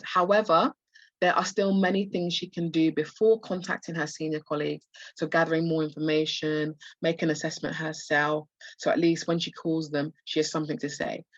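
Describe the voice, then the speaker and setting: A woman tutor, hoarse and losing her voice, walks students through practice test answers with many restarts and fillers. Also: deep voice, no echo, muffled recording. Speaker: medical school admissions tutor. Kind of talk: live online practice test walkthrough.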